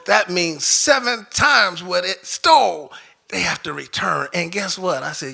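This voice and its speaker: Animated man telling a story live on stage. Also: a little high, moderate pace, creaky, breathy edge. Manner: animated, laughing through the tale.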